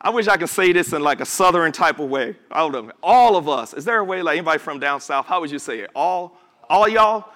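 Preaching at a church service, this male pastor talks fast with a voice on the high side, expressive and with hardly any pauses. He drags words out for emphasis, bursts into shouts, and tosses casual asides to the congregation.

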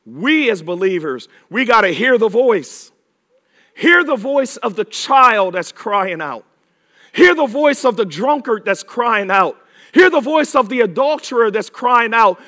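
A man preaching a sermon with emphatic repetition, drawing words out and rising to shouts. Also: extremely high pitch.

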